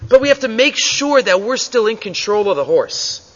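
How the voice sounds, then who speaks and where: A man's voice: high-pitched, very animated, moderate pace. A man teaching a Torah class. He reads each Hebrew line of a story and then explains it in English, acting out the people in it. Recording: dull lo-fi audio with long reverb.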